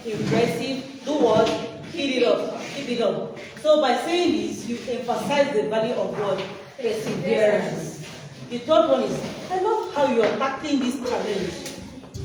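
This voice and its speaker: A woman presenting a workshop, quizzing her listeners with prompts for them to finish. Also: fairly high pitch. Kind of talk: interactive teaching talk. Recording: echoey hall, distant mic, background noise.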